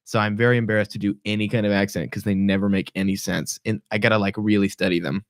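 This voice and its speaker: A young man hosting a podcast in casual chat, rambling with restarts and sudden jumps in pitch. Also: level tone, fast talker, no echo, clean studio sound. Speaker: podcast host.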